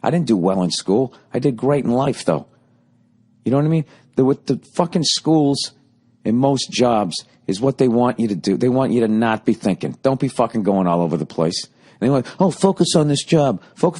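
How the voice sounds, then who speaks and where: A man hosting a solo podcast, rambling through a profane, comic monologue that swings from loud outbursts to low muttering. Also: expressive, a little fast. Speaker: podcast host.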